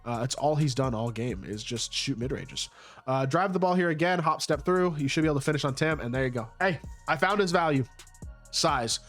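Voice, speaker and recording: A man's voice: fairly high pitch, a little fast, a bit bright, faint music behind. A young man giving casual commentary over his own gameplay, rambling and hedging with rhetorical questions. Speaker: gaming YouTuber.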